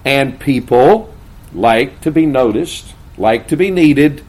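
Folksy older preacher telling stories. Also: male voice, medium pitch, animated, slow, low-quality recording. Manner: folksy storytelling preacher, swings between loud emphasis and quiet asides. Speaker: pastor. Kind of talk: sermon.

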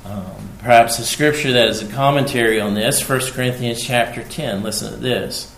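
A man preaching a sermon, repeating his key phrases for emphasis and swinging between hushed and loud delivery. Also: medium pitch, normal speed, creaky, hardly any pauses, reverberant, low-quality recording.

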